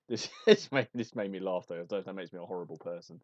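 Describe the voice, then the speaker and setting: Man in casual podcast chat, halting storyteller, dead-dry muffled mic. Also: low-pitched, a little mellow, no echo. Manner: rambling, restarts often, chuckles as he tells a story.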